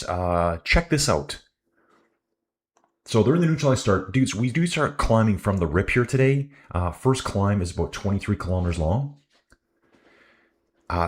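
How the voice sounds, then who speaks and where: A man's voice: fairly low pitch, slightly rough. A man hosting a live cycling stream, giving chatty commentary and ranting about the race to his viewers.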